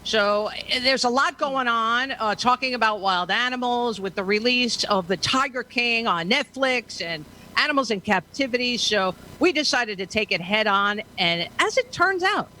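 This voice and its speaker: A woman talk-show host with a bright, forceful voice, speaking over a video call. She talks in a brash, playful way and swears freely. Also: a little high, animated, normal speed, few pauses, slight background noise. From United States. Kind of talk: casual talk show hosting.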